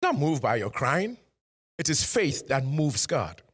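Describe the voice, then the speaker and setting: A male pastor preaching a sermon. He acts out short bits of dialogue and builds up to loud, emphatic calls to his congregation. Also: medium pitch, measured pace, breathy edge. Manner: lively preaching that acts out dialogue in changing voices; rises to loud emphatic exhortation.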